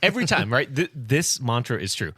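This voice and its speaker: Male podcast host, crude boastful jokester, bright dry close voice. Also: mid-range voice, sing-song, fairly quick, breathy edge, no room sound. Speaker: podcast co-host who edits the show. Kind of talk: casual podcast banter.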